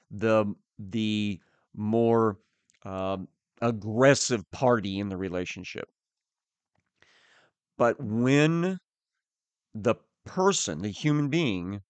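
Slow, low-voiced male preacher. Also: smooth, no room sound. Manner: slow, deliberate teaching with pauses. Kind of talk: sermon.

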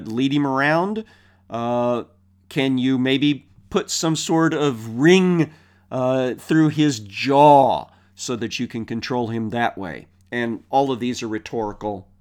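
A man teaching a Bible passage verse by verse, reading the scripture aloud and then explaining it in a conversational way, with rhetorical questions and frequent fillers. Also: medium pitch.

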